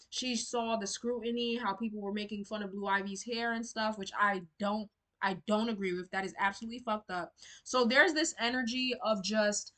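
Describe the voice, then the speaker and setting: A woman's voice: fairly high pitch, sharp tone. A young woman giving a tarot reading to camera in casual, blunt, outspoken talk. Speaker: tarot reader.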